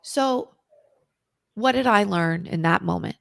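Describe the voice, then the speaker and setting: A woman, a guest on an interview show, telling an intense personal story in a vivid, dramatic way, at times dropping to a hushed whisper. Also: mid-range voice, expressive, slow pace, creaky, no room sound, studio quality. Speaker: interview guest, recovery author.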